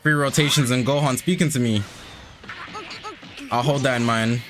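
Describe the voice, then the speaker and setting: A man's voice: medium pitch, fairly quick, long pauses, a bit bright. A young man doing casual, slangy live commentary over a mobile game as a streamer. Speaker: gaming streamer. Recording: stream with game music behind.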